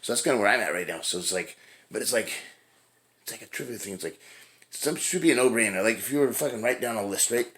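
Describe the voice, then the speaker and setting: Rambling, sharp-voiced middle-aged man venting. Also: lowish voice, lively intonation, fast talker. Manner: rambling, repeats "right?" often, swears. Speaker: fitness vlogger. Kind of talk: casual venting monologue.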